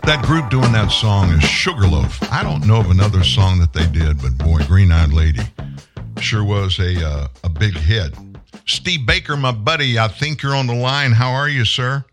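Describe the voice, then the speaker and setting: A man's voice: fairly low pitch, lively intonation, normal speed, over loud music. A man hosting a radio show, chatting in a folksy, joking way with a caller. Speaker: radio host. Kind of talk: casual radio chat.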